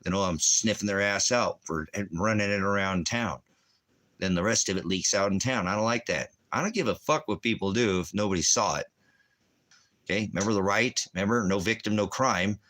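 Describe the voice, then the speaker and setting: A man's voice: fairly low pitch, brisk, a bit bright. A man, a military veteran, delivering an angry, profane, rambling rant. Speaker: veteran ranting.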